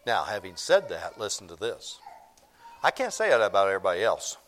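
A man's voice: sits low, very animated, a little fast, fairly bright tone, slight background noise. A man, preaching a sermon in church, repeating his points for emphasis. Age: 50s. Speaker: pastor.

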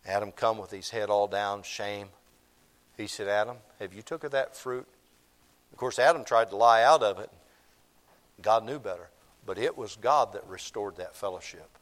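A man's voice: lowish voice, normal speed. A man, preaching a sermon in church, repeating his points for emphasis. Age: 50s. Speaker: pastor.

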